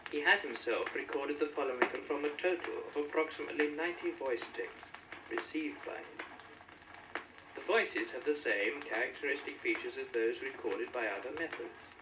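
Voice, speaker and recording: A man giving formal, matter-of-fact scripted documentary narration on an old record. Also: medium pitch. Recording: distant, hissy old vinyl recording.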